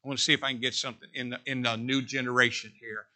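A man preaching from the pulpit. His tone is very bright and forceful. He talks in a folksy way and climbs to loud, emphatic peaks. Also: medium pitch, level tone, very fast. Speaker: pastor. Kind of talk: sermon.

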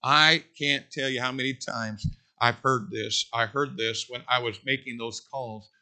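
Bright-voiced, emphatic preacher. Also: male voice, medium pitch, steady tone, unhurried. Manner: folksy preaching that builds to loud, emphatic peaks. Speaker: pastor. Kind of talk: sermon.

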